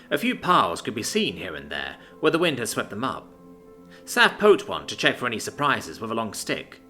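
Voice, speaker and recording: A man narrating a fantasy story with a very animated, swinging delivery. His tone is bright and forward, with faint music playing underneath. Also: medium pitch.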